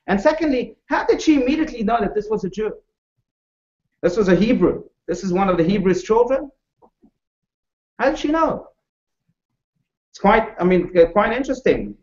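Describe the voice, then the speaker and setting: Male rabbi, storytelling lecture, expressive, slightly high voice, echoey room. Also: normal speed, pauses often. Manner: expressive, with wide swings in pitch and loudness; asks the audience questions. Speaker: rabbi teaching a class. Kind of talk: storytelling lecture to a live audience. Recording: echoey room, dull lo-fi sound.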